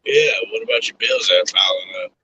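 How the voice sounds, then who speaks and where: A man's voice: low voice, huge pitch swings, a little fast, pushed and bright, slight background noise. A man joking and teasing in casual podcast banter. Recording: dull lo-fi audio.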